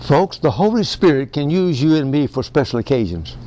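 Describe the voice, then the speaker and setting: A man leads a folksy Bible-study sermon. His voice sits high for a man, and he talks in an excitable way, chuckling often. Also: fairly quick, slight background noise. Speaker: preacher.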